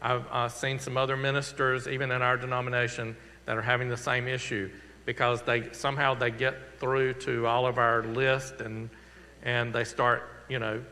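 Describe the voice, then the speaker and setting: Southern pastor guy, earnest and chatty, bright voice echoing round a big church. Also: medium pitch, level tone. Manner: earnest, conversational, slowing for emphasis. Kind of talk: church announcements and closing prayer. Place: church sanctuary. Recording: long reverb of a church hall.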